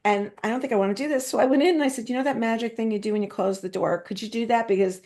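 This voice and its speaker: A middle-aged woman hosting a casual interview, a lively storyteller who laughs often and quotes the people in her stories. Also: on the high side, very fast. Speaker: interviewer and host. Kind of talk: casual anecdotal chat.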